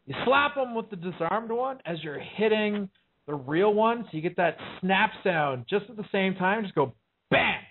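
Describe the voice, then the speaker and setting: A man's voice: sits high, expressive, normal speed, slight background noise. A man hosting a casual chat show, talking bluntly and profanely and rambling with lots of fillers. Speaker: podcast host. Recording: tinny phone-like sound.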